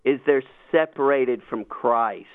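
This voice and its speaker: A man hosting a radio talk show, explaining Bible passages in an animated, emphatic way. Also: medium pitch, takes it slowly, smooth, dry recording. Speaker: radio host. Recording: tinny phone-like line, dry.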